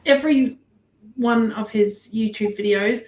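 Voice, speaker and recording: A woman on a podcast in casual chat, hesitant with many pauses and ums. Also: fairly high pitch. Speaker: podcast guest. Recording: roomy echo.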